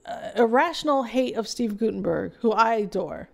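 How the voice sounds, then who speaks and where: A woman's voice: fairly high pitch, animated, moderate pace, creaky. A woman co-hosting a casual film podcast, rambling through award lists with lots of fillers. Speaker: podcast co-host. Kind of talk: casual film review chat.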